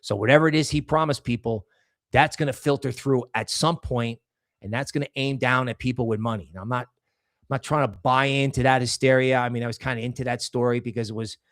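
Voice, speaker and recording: A man hosts a casual crypto livestream. He talks emphatically and rambles, often restarting sentences mid-thought. His voice sits at a middle pitch. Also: fairly even intonation, fairly quick. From New York area.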